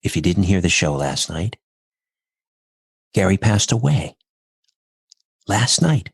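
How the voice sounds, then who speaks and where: A man's voice: low-pitched, big pitch swings, slow pace, gravelly, slightly rough, no room sound, clean studio sound. A middle-aged man, a podcast guest, telling a personal story in an earnest, reflective way, step by step.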